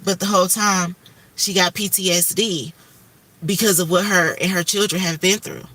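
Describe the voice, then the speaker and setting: Bright-voiced woman's candid livestream talk. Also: lowish voice, steady tone, normal speed, no room sound, distant mic. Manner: candid, emphatic, swears freely, spiritual talk. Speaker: livestream host.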